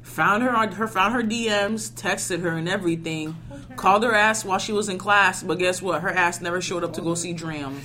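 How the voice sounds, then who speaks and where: A woman co-hosting a casual chat, teasing and pushing the others with quick, bossy questions. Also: lowish voice, pushed and bright. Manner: bossy, teasing, fast-talking storyteller. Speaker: podcast co-host.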